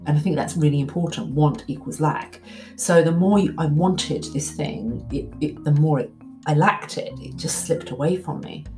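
A woman's voice: low-pitched, normal speed, faint music behind. A woman in her forties, candid and reflective, telling a personal story and acting out the things she once told herself. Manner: candid, reflective, animated when quoting her past self. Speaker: speaker.

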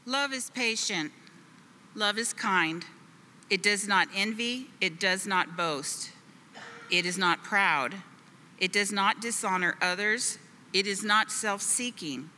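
A woman reading scripture aloud in a measured, deliberate way. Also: mid-range voice, bright, forceful tone, in a large hall, slight background noise.

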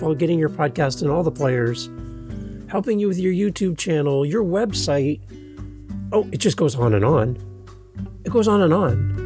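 A man hosting a podcast, chatting casually in a friendly, rambling way with self-deprecating humor. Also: on the high side. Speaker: podcast host.

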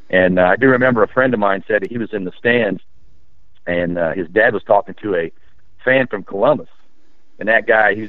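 Low-voiced man on a phone line. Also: no echo. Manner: rambling, animated storyteller with frequent fillers. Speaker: former high school basketball player, guest. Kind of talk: casual interview storytelling.

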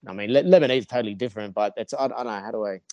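A man's voice: fairly low pitch, rapid-fire, a little mellow, no echo, muffled recording. An Australian man with a nasal voice, rambling in casual podcast chat with lots of swearing and restarts. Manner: rambling, profane, with many restarts. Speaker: podcast guest.

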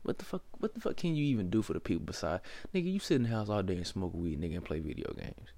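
A man's voice: sits low, big pitch swings, fast, warm tone. A man hosting a podcast, delivering a blunt, profanity-heavy opinion monologue that lectures the listener directly. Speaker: podcast host.

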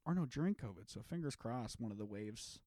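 A man co-hosting a comedy podcast tells rambling stories in a loose, profane way. He breaks into laughter often. His voice sits at a middle pitch and is recorded dry and close. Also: expressive, a little fast, mellow, no room sound. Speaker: podcast co-host. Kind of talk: casual chat.

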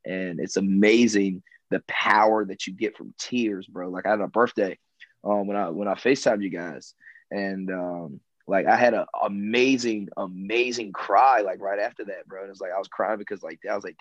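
A man's voice: lowish voice, steady tone, a little fast, no echo, lo-fi sound. A man talking in a laid-back way, who keeps saying "man" and "bro" and repeats himself. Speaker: guest. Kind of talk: casual conversation.

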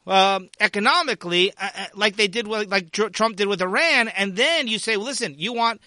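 A man's voice: sits high, normal speed, sharp tone, no echo, studio quality. A man hosting a political commentary show, delivering an opinion monologue in an indignant, sarcastic manner with mocking asides.

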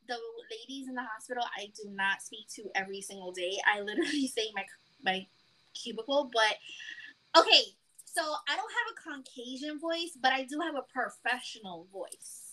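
A young woman with a Bronx accent, co-hosting a casual podcast chat, animated and profane, often laughing mid-sentence. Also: on the high side, normal speed. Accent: Bronx New York. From New York. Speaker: podcast co-host.

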